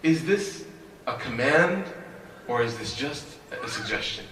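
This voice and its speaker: A man voicing a resolute young woman who calmly questions and refuses, in an echoey hall. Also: medium pitch, a little slow, far from the mic, slight background noise. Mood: questioning.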